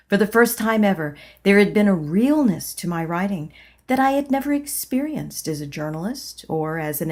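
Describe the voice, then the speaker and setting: A woman narrating a spiritual memoir as an audiobook, in a calm, measured reading voice. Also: on the low side. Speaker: audiobook reader.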